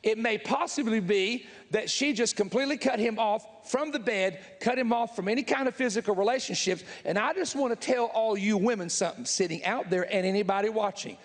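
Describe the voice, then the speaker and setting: A man with a Southern US accent preaching a sermon to a live audience, blunt and folksy, with emphatic asides to the crowd. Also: high-pitched. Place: large church hall with live audience. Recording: echoey hall reverb.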